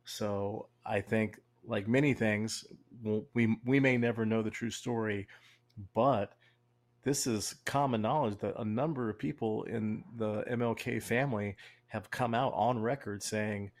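A man with a low, gravelly voice chats on a podcast. He talks haltingly, stumbling and restarting words as he works through his thoughts. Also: steady tone. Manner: halting and repetitive, restarts words, laughs at his own jokes. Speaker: podcast co-host. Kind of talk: casual podcast chat.

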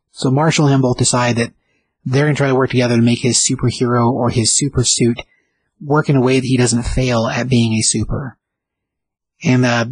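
A man's voice: medium pitch, breathy edge, no echo, rough recording. A man casually recapping a story, rambling with fillers and acting out the characters' lines. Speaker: recapping a show's plot.

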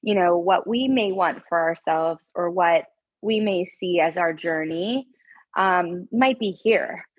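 A woman guest tells a story with earnest, animated energy and stumbles through frequent restarts. Her voice is a bit husky. The recording is dry and slightly dull. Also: lowish voice, slow, no echo. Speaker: podcast guest. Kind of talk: conversational storytelling.

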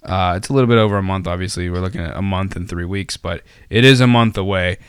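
A man's voice: low-pitched, quick pace, smooth, no room sound, studio quality. A man hosting a casual podcast, rambling with many fillers and restarts and tossing in jokey asides. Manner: jokey, self-deprecating asides. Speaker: podcast host.

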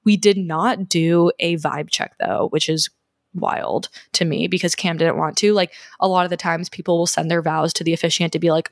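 A young woman in her twenties vlogging, telling a story in a chatty, excited way with lots of fillers. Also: fairly low pitch, normal speed, no echo, clean studio sound. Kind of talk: casual storytelling.

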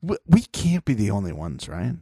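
A man co-hosting a casual recap podcast, playful and quick to mimic people. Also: lowish voice, huge pitch swings, warm tone, slightly rough, dry recording, clean studio sound. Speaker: podcast co-host. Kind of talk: casual chat.

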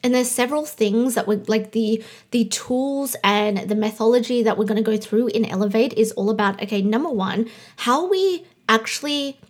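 A woman's voice: fairly high pitch, moderate pace. A woman of thirty with a slight lisp, hosting a casual solo podcast in a bubbly, chatty way. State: slight lisp from new aligners. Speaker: podcast host and coach.

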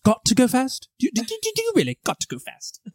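A man's voice: very high-pitched, huge pitch swings, quick pace, darkish tone, dry recording, full character voice. A man putting on a stammering, babyish voice as a famous male film star for a comic bit on a podcast, in a dry close recording. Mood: flustered.

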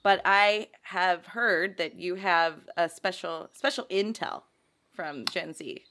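A woman in her thirties co-hosting a casual chat, giggly and self-deprecating in quick banter. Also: on the low side, pushed and bright. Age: 30s. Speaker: podcast co-host.

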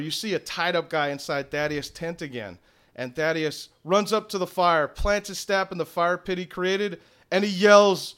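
A young man narrating a tabletop game as game master, with filler pauses. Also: high voice, fairly bright tone, smooth.

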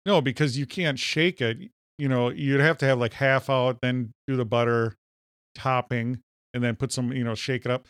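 A man's voice: medium pitch, steady tone, moderate pace, a bit bright, clean tone, no echo, studio quality. A man from Minnesota with a Minnesotan accent, co-hosting a podcast and telling stories with enthusiasm. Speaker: podcast co-host. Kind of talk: casual chat.

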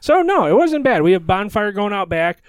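A man's voice: high voice, very animated, normal speed, clean tone, no room sound. A man as a podcast guest, easygoing as he reminisces in casual chat. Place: podcast studio.

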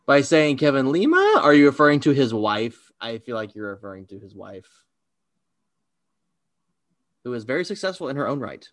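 A man's voice: mid-range voice, wildly swooping pitch, moderate pace, long pauses, fairly bright tone, dry recording. A man chatting casually as a podcast co-host, rambling through guesses and laughing at himself. His voice sits in an ordinary middle range. The sound is dry and close. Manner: rambling, laughing, self-deprecating. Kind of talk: casual chat.

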